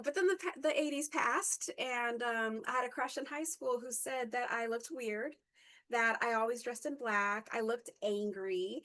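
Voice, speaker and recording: A woman in her fifties telling a personal reflective story as a workshop speaker, halting, with frequent fillers, self-corrections and an occasional stutter. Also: a little high, fairly bright tone, rough recording.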